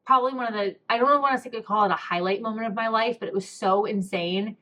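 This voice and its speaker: A woman's voice: medium pitch, fast talker, sharp tone. A young woman hosting a podcast, telling a personal story in a candid, emotional way, with many fillers and close to tears. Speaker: podcast host.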